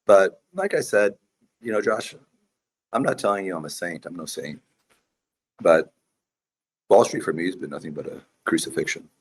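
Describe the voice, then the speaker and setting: A man's voice: sits low, animated, normal speed, long pauses, a little hiss or hum. A man, a priest and investor, telling his story intensely as a guest in a podcast interview.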